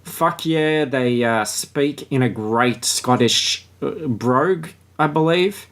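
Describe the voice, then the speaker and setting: A man's voice: mid-range voice, slow pace, fairly bright tone. Crude, joking male podcast host. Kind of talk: casual book-club chat with read-aloud passages.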